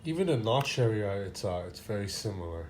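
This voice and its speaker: A man's voice: on the low side, big pitch swings, fairly quick, background noise. A man reviewing a gadget in a casual unboxing, talking loosely with many fillers and restarts.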